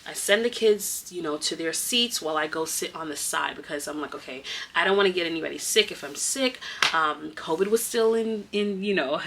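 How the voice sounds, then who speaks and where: A woman who teaches kindergarten tells a story in a casual, animated vlog and speaks straight to her viewers. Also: normal speed, a little hiss or hum. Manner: animated, emotional retelling with big swings in pitch; casual, addresses viewers as y'all.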